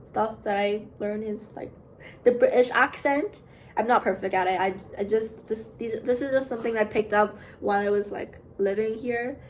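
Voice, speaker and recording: A young woman with a slightly high voice talks in a loose, rambling vlog chat. She piles on fillers and restarts, and now and then drops to a soft aside. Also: slight background noise. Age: young adult. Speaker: vlogger, art student. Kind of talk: casual chat.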